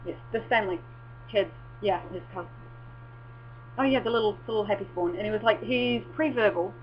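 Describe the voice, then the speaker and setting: A young woman vlogging in casual, rambling chat, swearing and breaking into excited exclamations. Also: mid-range voice, a little fast. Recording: dull lo-fi with faint mains hum.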